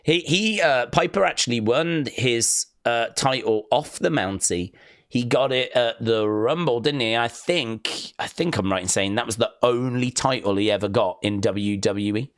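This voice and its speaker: A man's voice: medium pitch, normal speed, dry recording, studio quality. A man hosting a wrestling live stream, chatting casually and rambling through fond memories with plenty of fillers. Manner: rambling, reminiscing, with fillers and acted-out quotes.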